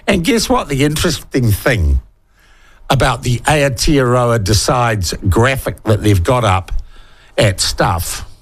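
A man with a New Zealand accent hosting a talk radio show, speaking bluntly and sarcastically, swearing casually and reading out listener messages. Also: mid-range voice. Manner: reads listener messages aloud. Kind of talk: opinionated talk radio monologue.

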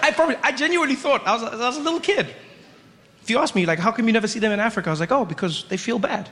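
A young man performing a stand-up comedy routine, telling a story with lively acted-out voices. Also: extremely high pitch, racing, long reverb tail.

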